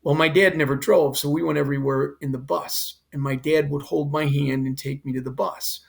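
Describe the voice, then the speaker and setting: A man's voice: on the high side, fairly even intonation, brisk, gravelly. An older man, a former fire chief, telling an emotional personal story in earnest detail as a podcast guest. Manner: earnest, quotes others in his own voice.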